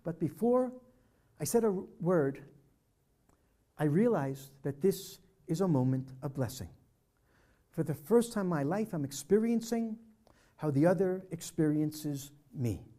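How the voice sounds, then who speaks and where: Older male storyteller, mellow tone, brings the quoted dialogue to life for a church audience. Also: fairly high pitch, animated, measured pace, pauses often. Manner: vivid storyteller acting out dialogue. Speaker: speaker at a peace dialogue presentation. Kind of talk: personal storytelling talk. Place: church hall presentation.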